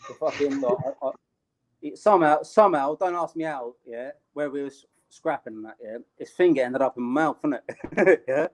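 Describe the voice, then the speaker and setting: A man's voice: on the high side, moderate pace, a little hiss or hum. A young British man telling a street story in casual, slangy talk, laughing along the way. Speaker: interview guest.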